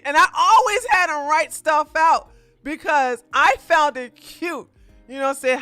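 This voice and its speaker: A woman streamer giving casual livestream commentary while reviewing a show, animated and laughing often, with frequent restarts. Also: sits high, clean tone, no echo.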